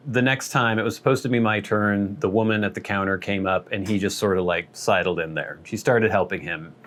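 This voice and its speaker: A man's voice: lowish voice, a bit bright, a little hiss or hum. A man hosting his vlog, telling a rambling, wry, self-deprecating story in a casual way. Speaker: vlog host.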